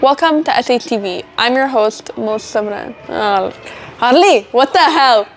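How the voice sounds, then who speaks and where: A woman's voice: fairly high pitch, lively intonation, normal speed, slight background noise. A teenage girl hosting a student school show, giggling and flustered as she keeps slipping on her lines in outtakes. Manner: giggly, flustered by slip-ups.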